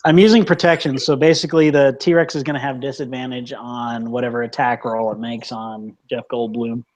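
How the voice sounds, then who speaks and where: A man's voice: mid-range voice, little pitch movement, a little fast. A man playing a tabletop game, eager and joking as he describes his character's moves. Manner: eager, playful, jokes and laughs while describing actions. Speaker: player.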